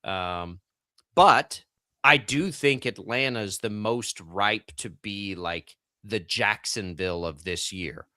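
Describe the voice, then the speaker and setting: A man's voice: lowish voice, takes it slowly, pushed and bright, no echo, studio quality. A young man from Texas hosting sports radio, chatting casually with lots of fillers and self-deprecating asides. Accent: General American, trained out a Texas twang. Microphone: studio broadcast mic.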